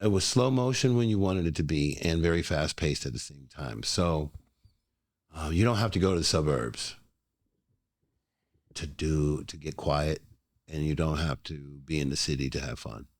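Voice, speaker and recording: Deep-voiced, laid-back man. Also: no room sound, studio quality. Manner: laid-back, unhurried storytelling. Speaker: guest. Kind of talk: casual interview. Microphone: podcast microphone.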